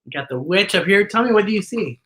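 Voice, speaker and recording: Bright, animated woman reading to kids. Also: mid-range voice, fast. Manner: animated, exclamatory, talks to kids directly. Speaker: children's storytime host. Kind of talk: picture book read-aloud.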